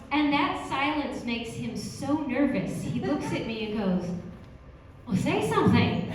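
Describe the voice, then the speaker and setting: A woman doing a standup comedy set, chatty and peppering her lines with "you know". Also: high voice. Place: comedy stage. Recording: echoey room from a distant mic with faint noise.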